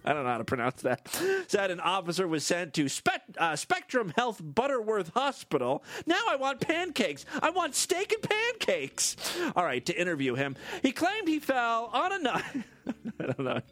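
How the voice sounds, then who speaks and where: A man's voice: sits high, big pitch swings, normal speed, a bit bright. A man hosting a comedy podcast, reading odd news stories with jokey asides and frequent laughs. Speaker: podcast host.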